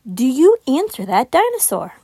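A woman reading a children's picture book aloud as host of her podcast, expressive and sing-song. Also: sits high, normal speed, breathy edge, dry recording, clean studio sound. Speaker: children's story reader.

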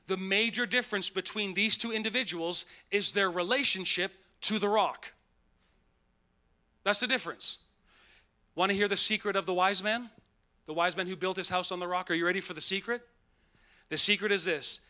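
A man preaching a sermon as pastor, animated and emphatic, slowing down on key phrases and tossing in playful asides. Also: high-pitched.

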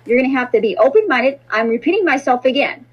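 A woman's voice: high voice, lively intonation, fast, slightly rough, muffled recording. A woman reader and podcast host speaking in a blunt, repetitive, profane monologue. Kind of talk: casual spoken monologue.

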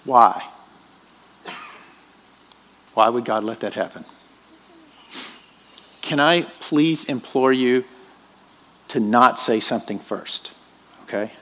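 A man's voice: medium pitch, slow pace, pauses often, a bit bright. A man preaching a sermon in a church, emphatic and questioning his congregation. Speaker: pastor.

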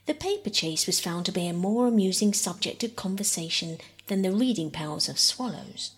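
A woman reading a classic children's novel aloud as soft, often whispered bedtime story narration. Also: lowish voice, lively intonation, normal speed, breathy edge. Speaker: audiobook reader.

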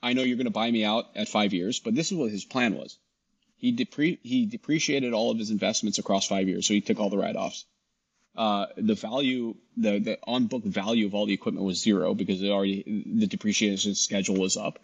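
A middle-aged man, a guest in a casual interview, telling his story with animated dialogue and frequent restarts. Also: fairly low pitch, brisk, vocal fry, husky, dull audio. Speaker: guest, shop founder.

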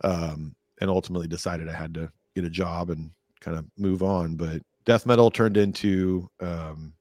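A man with a deep, low voice tells long, rambling stories in a relaxed podcast chat, jumping up in pitch whenever he acts out what someone said. The sound is dry and close, with no room around it. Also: moderate pace, no room sound. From California. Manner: rambling, animated, acts out quotes in a higher voice. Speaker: podcast guest. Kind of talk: casual storytelling interview.

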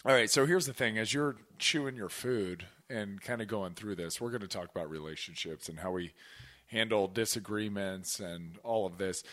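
A man hosting a podcast in casual chat, talking in an animated, rambling way and swearing casually. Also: fairly low pitch, normal speed. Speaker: podcast host.

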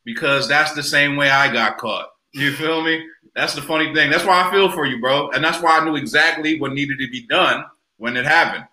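Male podcast panelist, boastful and playful, bright tone, roomy sound. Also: fairly high pitch, moderate pace. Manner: boastful, playful, trash-talking. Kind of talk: joking casual chat.

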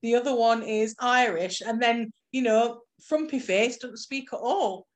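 A woman's voice: a little high, measured pace. A woman co-hosting a podcast, chatting casually about a film and laughing easily. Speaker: podcast co-host. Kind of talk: casual chat, film review.

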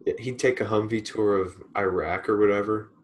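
Low-voiced young man, relaxed chat. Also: fairly quick, poor audio. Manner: relaxed, rambling, hesitant starts. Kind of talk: casual chat.

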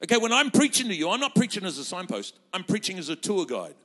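Fervent high-voiced preacher in a reverberant hall. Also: male voice, huge pitch swings, fast talker, bright, forceful tone, breathy edge. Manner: fervent, rousing, quoting scripture in acted voices. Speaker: pastor. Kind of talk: sermon.

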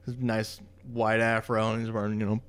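Brief: male game master, low halting narration. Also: monotone, a bit bright, clear, resonant tone. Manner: low, hesitant narration with many fillers.

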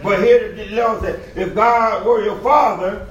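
A man preaching a sermon, building to shouts and punctuating lines with 'praise the Lord'. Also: high-pitched, steady tone, a little slow. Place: church. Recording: echoey room, voice from a distance.

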